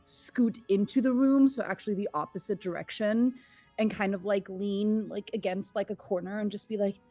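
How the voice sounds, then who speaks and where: A woman playing her character in a tabletop game, talking in halting, stammering bursts. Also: mid-range voice, warm tone, faint music behind. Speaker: player.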